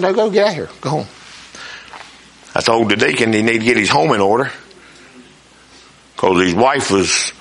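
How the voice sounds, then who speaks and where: An older man preaching a sermon, telling folksy stories and swinging between soft asides and loud emphasis. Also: medium pitch, gravelly. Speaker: pastor.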